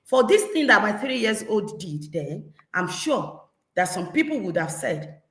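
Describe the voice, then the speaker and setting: A woman with a Nigerian accent, a parenting coach giving a lively talk and acting out scolding parents. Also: mid-range voice, a little slow. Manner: animated, acts out scolding parents. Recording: echoey room.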